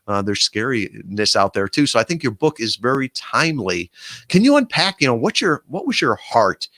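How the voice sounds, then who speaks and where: A man's voice: mid-range voice, big pitch swings, moderate pace, bright, forceful tone, no room sound. Chatty male podcast host, dry close sound. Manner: chatty, rambling with fillers and restarts. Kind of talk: interview podcast.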